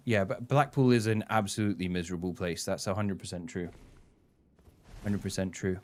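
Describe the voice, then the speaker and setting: Male streamer, lowish voice, chatty and sweary, reacts loudly to the game. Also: fairly even intonation, a little fast. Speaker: gaming streamer. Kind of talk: casual live-stream commentary.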